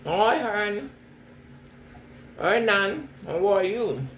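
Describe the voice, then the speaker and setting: A woman with an accent, talking casually to her viewers and answering their comments one after another. She laughs often and repeats phrases as she replies. Her voice sits at an ordinary pitch and echoes around a reverberant room with steady ambient noise behind it. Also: drawn-out words, recorded from a distance. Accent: non-standard English accent. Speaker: vlogger reading live chat. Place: indoors, washing her hair.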